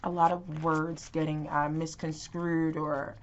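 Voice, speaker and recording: Young woman, tarot vlogger, deep register, loose filler-heavy delivery, muffled home audio. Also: flat delivery, measured pace, slight background noise. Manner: rambling, many fillers and restarts. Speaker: tarot reader. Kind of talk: casual tarot reading to camera.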